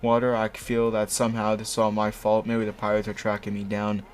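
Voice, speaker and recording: A man's voice: lowish voice, monotone, fairly quick, a little hiss or hum. A young man reading fanfiction aloud in a casual chat, sarcastic and stumbling over words.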